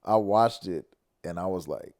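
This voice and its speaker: A man's voice: deep voice, normal speed, a little mellow. Laid-back slangy man from Inglewood. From Inglewood, Los Angeles. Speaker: podcast host. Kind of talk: casual podcast chat.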